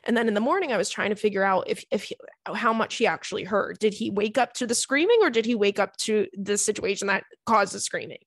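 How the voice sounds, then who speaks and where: A woman's voice: mid-range voice, fast, no echo, studio quality. A young adult woman hosting a podcast, chatting casually and swearing freely as she tells funny stories. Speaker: podcast host. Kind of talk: casual chat.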